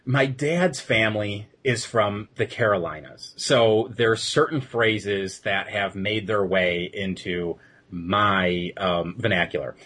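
A man's voice: fairly low pitch, slow pace, fairly bright tone, slightly rough. A man co-hosting a podcast, retelling an episode in a loose, rambling way with many fillers. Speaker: podcast co-host reviewing episodes. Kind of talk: casual chat.

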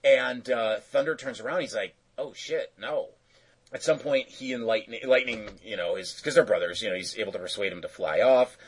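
A man's voice: on the low side, brisk, few pauses, slightly rough, poor audio. A man casually recapping a cartoon episode, rambling with lots of fillers and self-corrections.

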